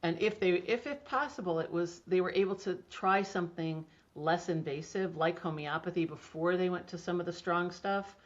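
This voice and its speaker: A woman's voice: on the low side, normal speed, hardly any pauses. A middle-aged woman guest talking enthusiastically about homeopathy in a casual interview, chatty with many restarts. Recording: dull lo-fi audio.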